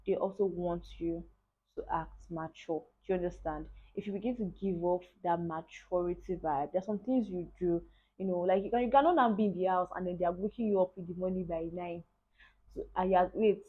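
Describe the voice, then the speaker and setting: A Nigerian woman in her twenties with a Nigerian accent telling a personal story in a casual, animated way, often checking in with the viewer. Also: medium pitch. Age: 20s. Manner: animated, talks straight to the viewer with repeated asides. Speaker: vlogger. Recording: tinny lo-fi phone-like audio.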